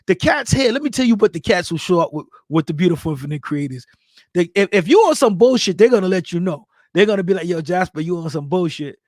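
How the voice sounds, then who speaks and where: Man, high voice, dry close sound, hyped shout-outs, speech, casual livestream host. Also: animated, quick pace, dry recording. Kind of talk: casual livestream chat reading viewer comments.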